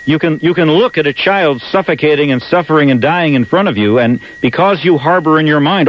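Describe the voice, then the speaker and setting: A man's voice: on the high side, fairly quick, few pauses. A man with a New York accent hosting a talk radio show, talking emphatically and repeating words when he presses a point. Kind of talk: talk radio monologue and calls. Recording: dull archival AM radio with faint hiss.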